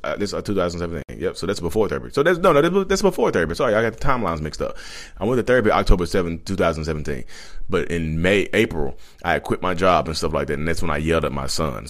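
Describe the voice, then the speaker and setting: A man, giving a blunt, rambling confessional monologue to his vlog audience and often correcting himself. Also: low-pitched. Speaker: vlogger.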